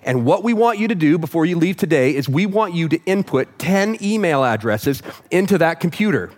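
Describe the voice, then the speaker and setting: Male pastor, slightly higher voice, casual sermon delivery, teases the congregation. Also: expressive, moderate pace. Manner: conversational, joking with the congregation. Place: church auditorium with live audience.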